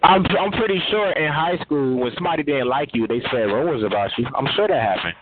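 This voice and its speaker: A man's voice: on the high side, lively intonation, fast. A man on a chat line, earnestly lecturing about rumors and caring what people think. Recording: noisy phone line.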